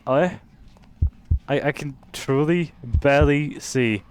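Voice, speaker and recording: A young British man commenting casually on a game he is playing, swearing and reacting loudly to what happens on screen. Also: a little high, takes it slowly, slight background noise. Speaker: streamer.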